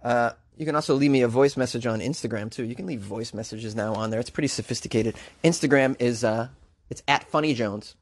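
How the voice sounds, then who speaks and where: A man's voice: mid-range voice, brisk. A man with a Boston accent, a comedian hosting a comic news show with wry, joking asides. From Boston area.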